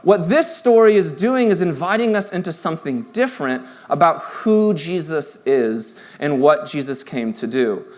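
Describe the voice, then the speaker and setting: A man in his thirties preaching a sermon in a church, earnest and conversational, rising to emphatic points and dropping to quiet, tender passages. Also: high-pitched. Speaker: pastor. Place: church sanctuary.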